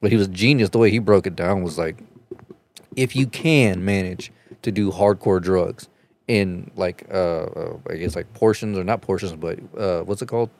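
A man chatting casually on a podcast, telling a rambling, profane story and getting animated as he retells it. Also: sits low, normal speed.

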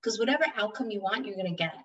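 A woman's voice: medium pitch, very fast, a bit bright, muffled recording. A woman co-hosting a casual podcast chat, reflective and agreeable in manner. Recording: voice somewhat distant from mic.

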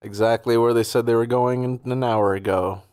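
Easygoing guy chatting about a movie, mid-pitched voice, agrees a lot. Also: fairly even intonation, darkish tone, clean tone, dry recording, clean studio sound. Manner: laid-back, agreeable, quick to laugh. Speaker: movie review podcast co-host. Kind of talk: casual chat.

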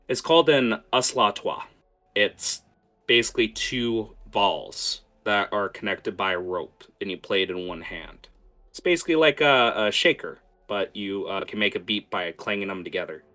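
A man narrating as game master of a tabletop game, quick and hesitant, with many fillers. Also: sits low, bright, forceful tone.

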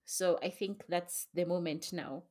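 A woman's voice: fairly low pitch, fairly even intonation, unhurried, dark tone, a little hiss or hum. A young woman co-hosting a podcast with her sisters, talking reflectively in casual chat and swearing now and then. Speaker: podcast co-host.

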